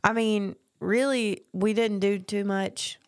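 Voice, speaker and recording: A woman's voice: medium pitch, steady tone, slow, clear, resonant tone. A young woman co-hosting a casual chat, teasing and laughing often. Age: young adult. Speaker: podcast co-host.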